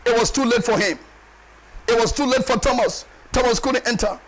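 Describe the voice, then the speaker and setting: A male pastor delivering a sermon in an emphatic, repetitive way and often shouting. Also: extremely high pitch, brisk, rough recording.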